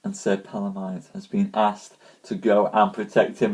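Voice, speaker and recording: A man with a scratchy, hoarse throat, chatting casually with live-stream viewers before telling a story, greeting them by name and calling them ladies and gents. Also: lowish voice, little pitch movement, moderate pace, darkish tone.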